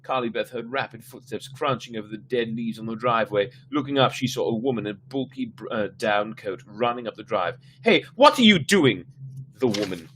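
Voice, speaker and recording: A man's voice: lowish voice, steady tone, brisk, few pauses, fairly bright tone, a little hiss or hum. A man reading a spooky children's story aloud on a live stream, stumbling and restarting now and then, sometimes stopping to chat with his listeners. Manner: reads with frequent slips and restarts, breaks off to chat.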